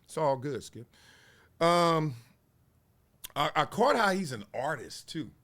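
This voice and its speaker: A man, giving playful, animated casual commentary on sports media. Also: on the high side, slow. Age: 40s. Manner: animated, playful, acts out quotes in voices.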